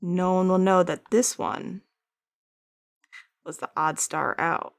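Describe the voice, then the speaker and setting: A woman with a lowish, steady voice and some vocal fry talks slowly while sculpting on an art stream. She rambles casually, laughs often, and reads her chat aloud to answer it.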